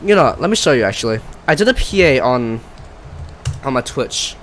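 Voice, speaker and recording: A man's voice: mid-range voice, very animated, moderate pace, a bit bright, a little hiss or hum, poor audio. A man casually commenting on his flight sim stream, chatty and self-mocking, often trailing off and restarting.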